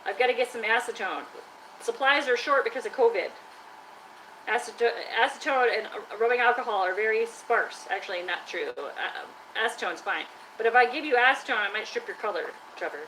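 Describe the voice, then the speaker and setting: Bright-voiced woman chatting on a live stream. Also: fairly high pitch, brisk, slight background noise, poor audio. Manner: chatty, teasing, scolds her trash can like a pal. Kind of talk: casual live-stream chat. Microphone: live-stream camera mic.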